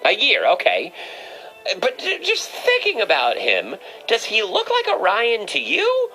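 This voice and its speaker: A man hosting a comic call-in, his voice leaping all over the place as he teases his caller. He sounds bright and forward, stumbling over playful restarts and slipping into a mock-mystical pet-psychic act. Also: extremely high pitch, wildly swooping pitch, a little slow, vocal fry, soft background music, rough recording. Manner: playful, teasing, stammering restarts. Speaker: call-in show host. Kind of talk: comedic call-in chat.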